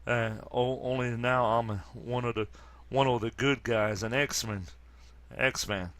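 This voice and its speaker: A man reading aloud the lines of a weary young superheroine in a flat, plain delivery, with few pauses. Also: mid-range voice.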